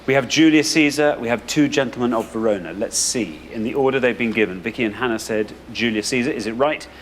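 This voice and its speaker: A man with an English accent hosting a quiz show, brisk and upbeat, building suspense before each reveal. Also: medium pitch. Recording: studio audience and background noise.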